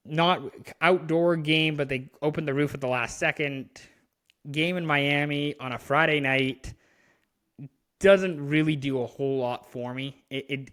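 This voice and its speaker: A man from Canada with a slightly bright mid-range voice co-hosts a podcast, chatting loosely about hockey. He rambles, often restarting and using fillers.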